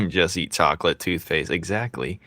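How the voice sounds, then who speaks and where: A young man chats casually with viewers as he draws live, joking and teasing them between laughs. His voice sits a bit low but sounds bright and forward. The sound is dry and close. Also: normal speed, dry recording. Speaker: streamer drawing live and reading chat. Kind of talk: casual livestream chat while drawing.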